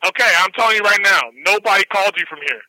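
High, bright, fast-talking man on the phone. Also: dry recording, rough recording. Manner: calm but firm, repeats himself to push back. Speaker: restaurant employee answering the phone. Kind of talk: phone argument. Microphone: telephone line.

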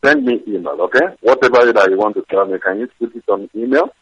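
A man in a heated phone argument, shouting repetitive insults in broken English, heard over a telephone line. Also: lowish voice, fast talker, breathy edge. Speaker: phone call recipient.

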